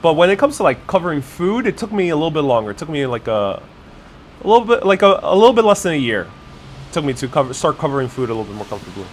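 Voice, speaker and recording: A city vlogger hosts a casual live stream from a city cafe on a wireless clip-on mic, tasting food and chatting with viewers while thinking aloud with fillers and restarts. His voice is on the high side, very animated and fast, with a little hiss or hum.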